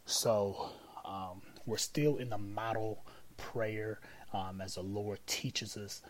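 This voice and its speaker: A man's voice: on the low side, fairly even intonation, slow pace, low-quality recording. A man hosting a casual teaching podcast on prayer, talking conversationally with many fillers and repeated phrases.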